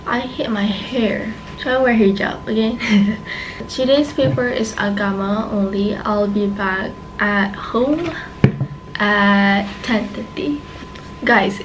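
A young Malaysian woman in her late teens chats through a casual vlog, unhurried and fairly high-voiced, often giggling and mixing English with Malay. A faint hiss of background noise sits behind her. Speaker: vlogger.

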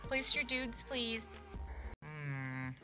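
A woman's voice: on the high side, very animated, very slow, music in the background. A woman live-streaming a game, chatting casually and cracking crude jokes with frequent giggles. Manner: giggly, crude joking, laughs often. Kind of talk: casual live-stream chat while gaming.

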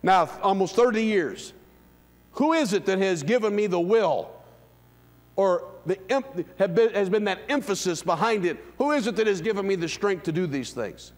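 A man in his fifties preaching a sermon as pastor, dropping to hushed low lines and rising to loud, high calls. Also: expressive, moderate pace. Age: 50s. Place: church sanctuary. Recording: long hall reverb.

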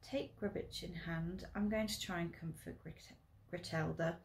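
A woman's voice: fairly low pitch, fairly even intonation, measured pace, creaky, a little hiss or hum. A woman teacher voicing a stern mother who speaks in a cold, clipped way. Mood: icy.

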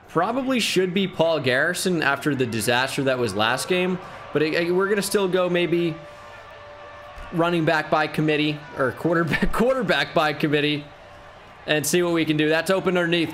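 An upbeat man commentating his own football video game, his voice sitting a little high. He thinks out loud and breaks into sudden hype on big plays, over a faint hiss behind him. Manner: excitable, thinking aloud, bursts of hype. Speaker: gaming YouTuber.

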